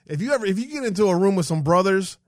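A man with a slightly high voice hosts a call-in show, loose and profane, laughing a lot between remarks. The sound is dry and close, with no room echo at all. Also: lively intonation, racing. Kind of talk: casual call-in chat.

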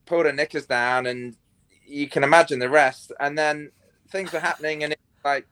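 A man's voice: on the high side, fairly even intonation, normal speed, sharp tone, smooth, no room sound. A young man, a podcast guest on a remote call, telling rambling, crude stories in casual chat with lots of fillers.

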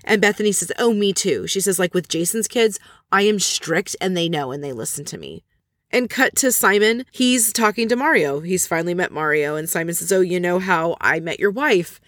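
A woman's voice: on the low side, animated, brisk, a bit bright, no echo, clean studio sound. A woman casually recapping a reality TV episode, chatty and opinionated as she retells the scenes. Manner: chatty, gossipy, opinionated storytelling.

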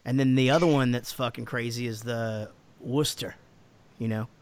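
A man's voice: medium pitch, fairly even intonation, normal speed. An American man in casual podcast chat, answering fan questions with lots of laughing, swearing and restarts. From United States. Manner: laughing, profane, rambling with restarts.

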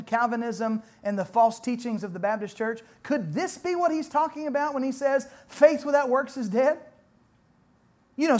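Preacher swinging from hush to shout. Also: male voice, very high voice. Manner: dramatic swings from soft to loud, rhetorical questions. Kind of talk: sermon.

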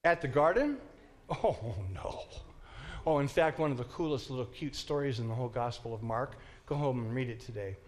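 A man teaching a Bible class in a lively, joking way, acting out the story for his listeners. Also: mid-range voice, moderate pace. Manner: animated, joking, acts out the story.

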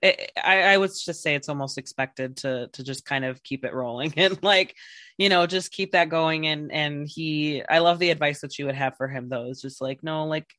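Bright, chatty woman podcast host. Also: low voice, moderate pace, no room sound, studio quality. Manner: rambling, many fillers and restarts, laughs often. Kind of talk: casual interview chat.

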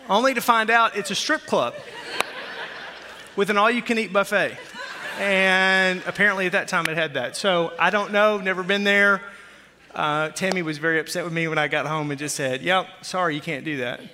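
A man in his forties from Oklahoma, a pastor preaching a sermon with jokey, animated storytelling. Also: high-pitched, moderate pace, noisy background. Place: church sanctuary. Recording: long hall reverb.

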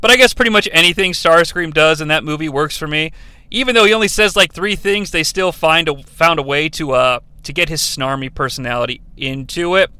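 A high-pitched man with a bright, crisp voice hosts a casual countdown show. He sounds enthusiastic, laughs often and drifts into asides, recorded dry and close with no room sound. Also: fairly quick, dry recording.

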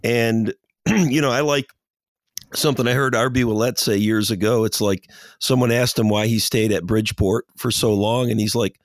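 A man, a pastor, sharing measured thoughts on ministry in a group conversation. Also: mid-range voice, steady tone, no room sound. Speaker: pastor, co-host. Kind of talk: conversational discussion.

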